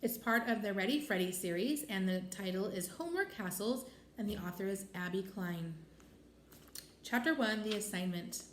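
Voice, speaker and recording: A woman's voice: medium pitch, normal speed. A woman reading a children's chapter book aloud expressively. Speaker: storybook reader. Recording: echoey room with faint noise.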